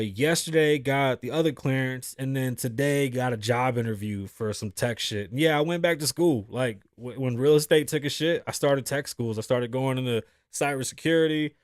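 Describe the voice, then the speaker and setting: Profane, animated man hosting a monologue. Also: medium pitch, no echo, clean studio sound. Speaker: podcast host. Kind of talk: casual monologue.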